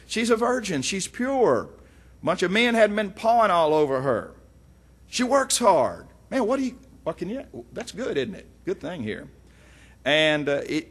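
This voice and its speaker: A middle-aged man, teaching from the Bible in a folksy, animated way with frequent asides. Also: a little high, husky. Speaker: preacher.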